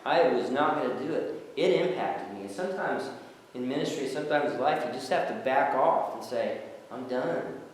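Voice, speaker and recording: A man, a former jail minister, telling animated stories to an audience and acting out the people he quotes. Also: medium pitch, a little fast, a little hiss or hum. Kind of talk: storytelling talk to an audience. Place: church hall. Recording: echoey hall, from far off.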